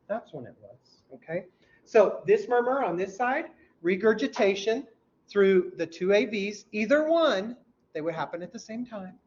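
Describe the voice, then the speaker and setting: A man teaching a class, quizzing students and mimicking heart sounds out loud, heard in a dull, lo-fi classroom recording. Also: high voice, expressive, normal speed. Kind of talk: classroom lecture. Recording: dull lo-fi recording with faint hum.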